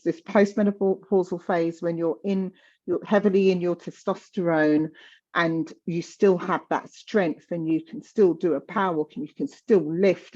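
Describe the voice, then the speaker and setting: A woman's voice: lowish voice, a little mellow, dull audio. A woman in her fifties talking candidly in conversation, passionate and emphatic, often repeating words for stress. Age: 50s.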